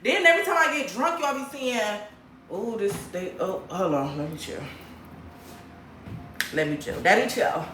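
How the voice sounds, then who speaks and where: A woman from Michigan chats with her livestream viewers, blunt and full of profanity. Her pitch swings widely as she rants. The sound is roomy and echoey, with a faint ambient hum underneath. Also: a little slow, pauses often. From Grand Rapids, Michigan, USA. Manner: blunt, profane, animated ranting. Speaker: livestream host. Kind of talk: casual livestream chat with viewers.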